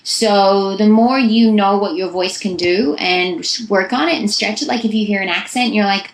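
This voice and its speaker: Young woman, voice actress, chatty and rambling, mid-pitched voice, roomy echo. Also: normal speed, few pauses. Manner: chatty and long-winded. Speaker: voice actress guest. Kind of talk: casual interview.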